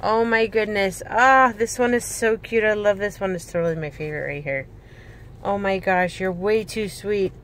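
A woman chatting casually and gushing excitedly while unboxing a gift, recorded on a handheld camera inside a car. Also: medium pitch, moderate pace, a little hiss or hum. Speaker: reborn doll vlogger. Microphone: handheld camera, no tripod.

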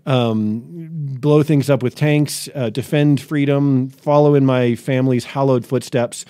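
Brief: a 40s male pastor telling his own story with dry wit, a relaxed dark voice in a dead room. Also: mid-range voice, a little slow, no room sound. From New England, USA. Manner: witty, self-deprecating, wordy. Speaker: pastor, podcast guest. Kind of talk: conversational interview storytelling.

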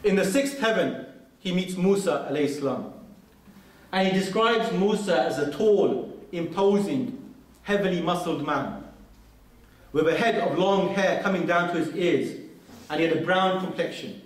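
Male preacher, slightly high voice, earnest storyteller; heavy hall echo, distant mic. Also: normal speed, pauses often. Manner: earnest storytelling with quoted Arabic recitations. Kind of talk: mosque lecture. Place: large mosque hall. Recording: very echoey hall, speaker far from mic.

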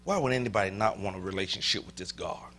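A male pastor with a Southern US accent preaching an animated sermon in a church, leading his congregation in call and response and dropping to a whisper at times. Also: sits low, quick pace, a little hiss or hum. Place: church sanctuary.

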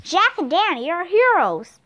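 A huge one-eyed wizard on an ice throne, booming and scornful, as a woman reader puts him on. The voice is slow and commanding, and it swings widely in pitch. It sounds like a gruff storybook villain. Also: sing-song, a bit bright, muffled recording, exaggerated voice.

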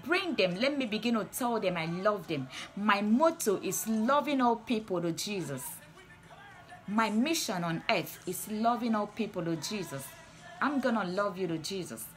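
A woman's voice: medium pitch, lively intonation, moderate pace. A woman preaching and praying on a livestream, with fervent, repetitive declarations. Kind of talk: livestream sermon and prayer. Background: soft music.

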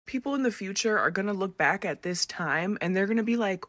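A woman venting to camera, tearful and profane, at times crying and shouting. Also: on the high side, fairly quick, hardly any pauses, no echo.

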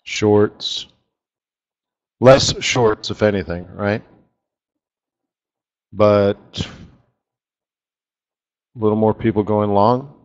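Man, middle-aged, live trading webinar host, casual rambling chat, slow delivery. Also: on the low side, darkish tone, muffled recording. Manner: rambling and chatty, with asides about his screen tools. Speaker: forex market strategist hosting a live webinar.

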